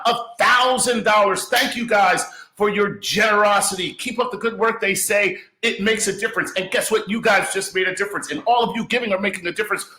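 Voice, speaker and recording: A man's voice: high-pitched, pushed and bright, roomy sound. A man hosting a live charity gala stream, reading out donations and cheering viewers on. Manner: upbeat, reads donor messages, cheers on viewers.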